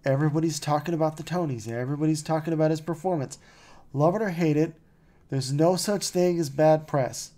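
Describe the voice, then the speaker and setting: A man's voice: fairly high pitch, warm tone. A man hosting a podcast, chatting casually and rambling with lots of "like" and "you know" and wry, mocking asides. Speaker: podcast host. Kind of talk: casual chat.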